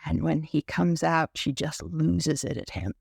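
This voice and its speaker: A man who serves as a meditation teacher, telling a story in an unhurried, tender, musing way. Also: fairly high pitch, vocal fry, slightly rough, no room sound, studio quality. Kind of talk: reflective storytelling talk.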